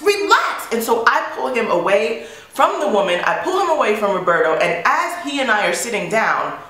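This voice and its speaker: A woman vlogger telling a story in a chatty, animated way, with swearing. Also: a little high. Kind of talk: storytime monologue. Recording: very echoey room.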